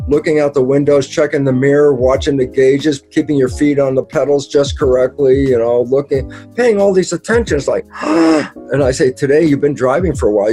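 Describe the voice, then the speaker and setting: Animated man with a mellow voice. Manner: animated, acts out quoted dialogue with sudden pitch jumps; casual, mild swearing. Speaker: interview guest explaining ideas. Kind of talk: explanatory interview talk.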